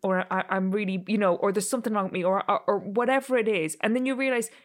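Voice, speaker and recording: A woman in casual conversation tells self-deprecating stories with plenty of swearing. She slips into little voiced exchanges with her own inner critic. Her voice sits at an ordinary middle pitch. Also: steady tone, fast talker. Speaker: podcast co-host. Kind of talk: candid casual chat.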